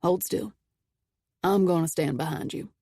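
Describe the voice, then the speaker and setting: A woman voicing an easygoing young man who coaches and teases a girl, in a lower, relaxed drawl, in an audiobook reading. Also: measured pace, gravelly, breathy edge, no room sound, clean studio sound, exaggerated voice. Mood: gentle, teasing. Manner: relaxed, low teasing drawl.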